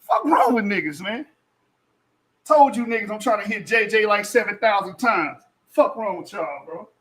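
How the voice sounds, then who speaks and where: A man with a high, bright voice trash-talks through a heated online debate. He boasts, swears freely and mocks his opponents, laughing between points. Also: lively intonation, normal speed, slightly rough. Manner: boastful, profane, mocking with frequent laughter.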